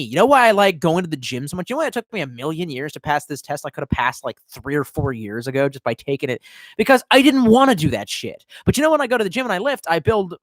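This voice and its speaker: A man's voice: on the high side, animated, fast talker, dry recording, studio quality. A young man ranting casually to his live chat, profane and rambling. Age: young adult. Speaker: live streamer.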